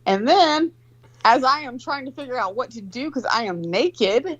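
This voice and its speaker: A woman's voice: a little high, expressive, normal speed, breathy edge, no echo. Woman, forties, profane rambling storyteller, dry close sound, slightly dull audio. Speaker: co-host telling a story. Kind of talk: casual chat.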